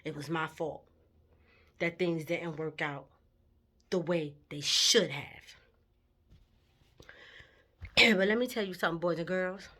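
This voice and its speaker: A woman's voice: lowish voice, takes it slowly, long pauses, pushed and bright. A woman telling a personal story in a candid, emotional vlog, with her intensity rising at times. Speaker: vlogger.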